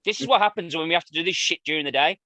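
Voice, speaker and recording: A man's voice: on the high side, very fast, bright, forceful tone, dry recording. A man co-hosting a wrestling podcast, crude and swearing, laughing a lot in casual chat. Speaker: podcast co-host.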